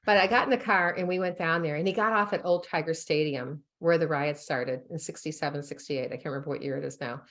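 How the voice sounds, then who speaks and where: Low-voiced, chatty woman doctor. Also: quick pace, few pauses. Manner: animated, laughs often, many fillers. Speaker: chiropractic sports physician and author, guest. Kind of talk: casual interview storytelling.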